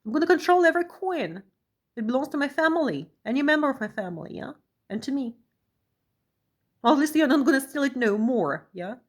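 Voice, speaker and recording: A woman talking to camera in an emotional vlog monologue, tagging her phrases with a questioning "yeah?" and swinging between pressing outbursts and quiet, low stretches. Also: lively intonation, brisk. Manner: keeps adding a questioning "yeah?" after phrases. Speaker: vlogger.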